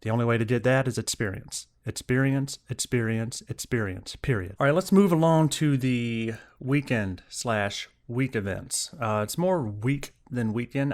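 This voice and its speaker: Young male podcast host, mid-pitch voice, casual rambling monologue, swears freely. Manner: profane, animated retelling with acted-out quotes.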